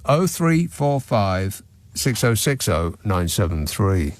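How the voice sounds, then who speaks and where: A man's voice: lowish voice, sing-song, slow. A man hosting a radio phone-in, talking in a sarcastic, mocking, dry-witted way. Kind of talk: opinionated talk radio monologue. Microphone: studio microphone.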